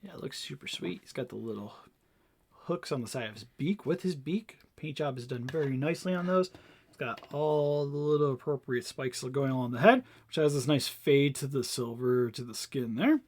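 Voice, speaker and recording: A man's voice: medium pitch, expressive, normal speed, a little mellow, slightly rough. A young man co-hosting a casual toy review, talking enthusiastically and rambling with lots of fillers. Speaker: co-host reviewing toy figures.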